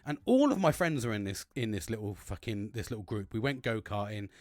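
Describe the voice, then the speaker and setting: Male podcast host, casual sweary storyteller, animated pitch. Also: fairly quick, no echo, studio quality. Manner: animated, heavy swearing, rambling with restarts.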